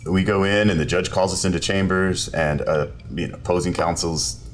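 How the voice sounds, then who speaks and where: A man, a lawyer, telling a story in a casual podcast interview, animated and quick to laugh while acting out quotes. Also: low-pitched. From South Texas. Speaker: personal injury lawyer, podcast guest. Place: podcast studio.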